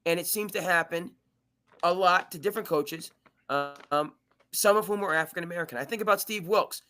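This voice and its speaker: A man's voice: sits high, a little fast. A man hosting a live sports talk show, arguing his points with frequent restarts and stammers. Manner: animated, restarts and stammers often. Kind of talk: live sports debate chat.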